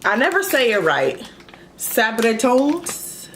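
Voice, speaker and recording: A woman's voice: fairly low pitch, measured pace, slight background noise. A woman from Los Angeles chatting casually through a mukbang vlog at home, laid-back and swearing freely. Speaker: mukbang vlogger. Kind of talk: casual chat.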